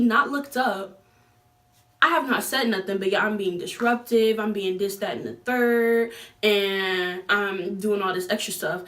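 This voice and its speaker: A young woman vlogger telling a story in casual chat, slangy and animated, with lots of fillers. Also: mid-range voice, a little slow, recorded from a distance.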